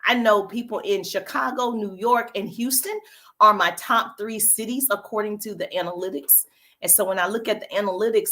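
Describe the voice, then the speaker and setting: A woman's voice: medium pitch, moderate pace, pushed and bright. A woman with a Southern US accent hosts a casual livestream as a social media business coach, upbeat and greeting viewers by name, with a cough drop in her mouth.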